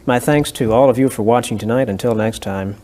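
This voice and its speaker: A man's voice: medium pitch, a little fast, a little mellow, a little hiss or hum. A man hosting a television interview, asking short questions and closing the show politely. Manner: brief backchannel replies, polite sign-off. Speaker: interview host.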